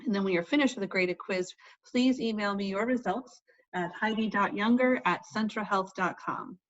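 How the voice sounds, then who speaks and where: A woman's voice: mid-range voice, moderate pace, lo-fi sound. A female teacher giving step-by-step directions in a recorded online lesson.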